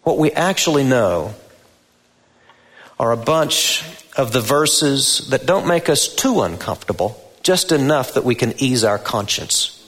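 Slow, deliberate male pastor preaching. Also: medium pitch, expressive, fairly bright tone. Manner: deliberate, emphatic preaching with rising stresses on key words. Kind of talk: sermon. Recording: long reverb of a large hall.

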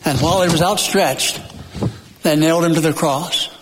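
A man preaching a sermon in a church, emphatic and folksy, repeating phrases with dramatic pauses and joking now and then. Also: fairly high pitch, slight background noise. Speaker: pastor. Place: church sanctuary. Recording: long hall reverb.

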